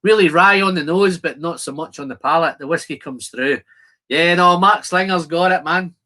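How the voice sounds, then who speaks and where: Male streamer, bright and slightly high voice, chatty and rambling, casual shed livestream host. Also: normal speed. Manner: chatty, friendly, rambling with restarts. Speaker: whisky channel host. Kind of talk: casual livestream chat reading comments. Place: garden shed.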